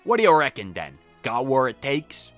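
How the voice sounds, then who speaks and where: A man's voice: mid-range voice, sing-song, moderate pace, a bit bright, faint music behind. A man voicing a blunt lone male warrior in a video game, speaking in a thick put-on accent. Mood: gruff. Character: lone male warrior who challenges heroes.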